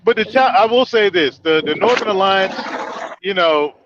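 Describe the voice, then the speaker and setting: A man hosting a podcast, an animated, joking storyteller in casual banter. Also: sits high, moderate pace, muffled recording, noisy background. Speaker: podcast host.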